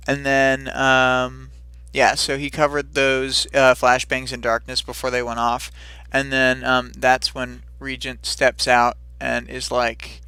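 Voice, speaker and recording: Casual-talking man on a livestream recap, unhurried and rambling, with a crisp, dry sound. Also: mid-range voice, sharp tone, dry recording. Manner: rambling, many fillers, quick silly voices for characters. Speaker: livestream co-host recapping chapters. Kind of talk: casual recap of a fight scene.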